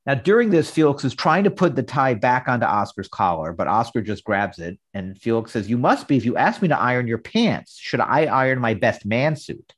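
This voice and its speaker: A man co-hosting a casual podcast, walking through a scene line by line. He reads out each quoted line in a brisk, chatty recap. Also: mid-range voice, expressive. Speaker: podcast co-host. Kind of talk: casual chat, recapping an episode.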